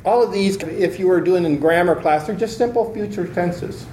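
A man teaching a Bible lesson with a mellow, warm voice, explaining each point step by step. His earnest lecture rings through an echoey room. A faint hum of ambience sits underneath. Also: high-pitched, moderate pace. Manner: earnest, explains step by step and reads scripture aloud.

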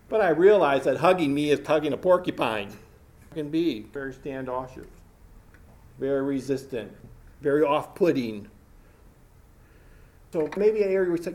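A man's voice: a little high, lively intonation, moderate pace, a little mellow. A man preaching a sermon, talking to the congregation with emphatic repetition.

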